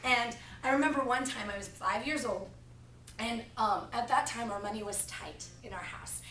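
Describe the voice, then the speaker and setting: A young woman delivers a student sermon, easing into it with a lively family story. Her voice sits a little high. She is recorded from across an echoey classroom, with faint room hum behind her. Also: moderate pace, distant mic. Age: young adult. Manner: storytelling, animated retelling of family anecdote. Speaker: preaching student. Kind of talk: practice sermon.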